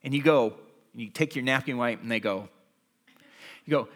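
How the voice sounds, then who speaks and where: A man's voice: mid-range voice, expressive, normal speed, a bit bright. A man preaching a sermon as pastor, telling everyday stories and acting them out with animation.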